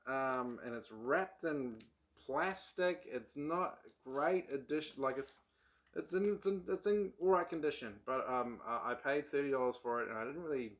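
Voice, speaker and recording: A man's voice: mid-range voice, a bit bright. A man vlogging about his old paperbacks in casual, rambling talk full of ums and restarts. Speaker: book vlogger. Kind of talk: casual chat.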